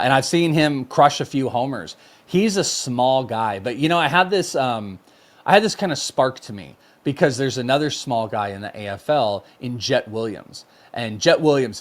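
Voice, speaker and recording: A man talking as a podcast guest in casual chat, rambling with lots of fillers and growing enthusiastic. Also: mid-range voice. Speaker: podcast guest, prospect analyst.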